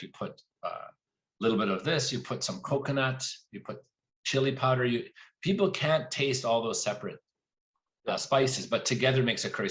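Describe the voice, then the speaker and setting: A man speaking as an author guest at a live library event, telling lively anecdotes and voicing quoted lines along the way. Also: medium pitch.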